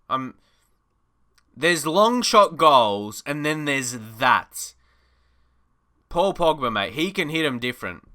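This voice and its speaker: Bright, excitable Australian man. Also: fairly high pitch. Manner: chatty, excitable, laughs often, shouts at goals. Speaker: gaming YouTuber. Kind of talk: casual gameplay commentary.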